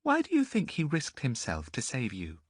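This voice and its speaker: A man voicing a curious, gentle young noblewoman in an audiobook, speaking in a soft, questioning way. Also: medium pitch, huge pitch swings, normal speed, no echo, clean studio sound, pitched above the performer's own voice.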